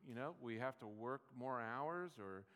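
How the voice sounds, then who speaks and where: A man delivers a sermon in an easygoing, conversational manner, stumbling into restarts and light asides. His voice sits at an ordinary middle pitch. The sound rings with the long reverb of a church hall. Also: lively intonation, unhurried, fairly bright tone. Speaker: pastor.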